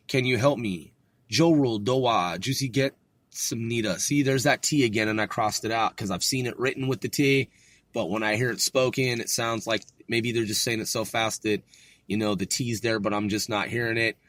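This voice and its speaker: A man studying on his own and talking it through out loud, rambling and swearing as he practices phrases. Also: lowish voice, no room sound. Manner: profane, rambling, thinks aloud. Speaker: podcast host learning Korean. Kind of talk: casual self-study talk.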